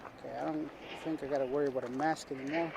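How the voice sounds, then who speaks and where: A man with a fairly high voice talks straight to his handheld camera while climbing around outdoors. He chats casually and pokes fun at himself. Wind and city noise come through clearly on the outdoor mic. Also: fairly even intonation, fast talker. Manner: chatty, self-mocking, talks to camera. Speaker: travel vlogger. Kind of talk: casual vlog narration. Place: outdoors on rocky hills above a city. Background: traffic, car horns and dogs outdoors.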